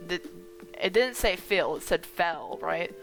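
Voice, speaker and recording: A woman's voice: fairly low pitch, animated, slow, vocal fry. A woman doing casual gameplay commentary on a visual novel, blunt and swearing freely as she reacts. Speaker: let's play streamer. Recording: phone-like line with music behind.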